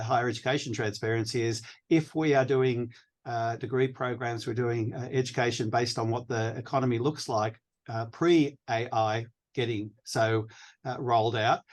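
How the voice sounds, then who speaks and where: A man on a discussion panel thinks out loud in a relaxed way, posing rhetorical questions. His tone stays reflective and conversational. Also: medium pitch, normal speed.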